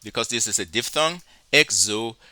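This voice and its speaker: Bright-voiced man teaching slowly. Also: medium pitch, animated, no echo. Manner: slow, deliberate, spells out syllables. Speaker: Greek teacher. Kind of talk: recorded lecture.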